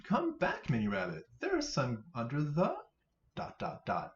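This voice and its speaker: A man voicing a gentle, caring mother rabbit in a storybook reading. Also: fairly high pitch, wildly swooping pitch, unhurried, far from the mic, slight background noise. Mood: concerned. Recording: roomy, slightly dull sound.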